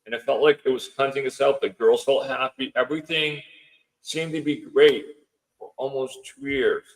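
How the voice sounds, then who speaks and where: The audio is poor, but the voice is clear enough: a man of medium pitch speaking in a steady tone at normal speed. As a podcast guest and homeowner, he narrates a long story in a laid-back way, quoting people again and again, with frequent restarts and fillers as he rambles.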